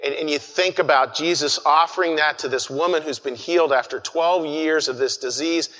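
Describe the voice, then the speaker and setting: A man's voice: fairly high pitch, normal speed, pushed and bright. A man preaching a conversational sermon, earnest and full of restarts, calling his listeners folks. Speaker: pastor. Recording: long hall reverb.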